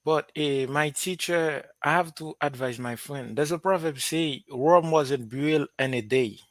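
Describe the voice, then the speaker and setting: A man's voice: on the high side, unhurried, dry recording. A man with a Haitian accent, a student who serves as translator, earnestly advising classmates with proverbs.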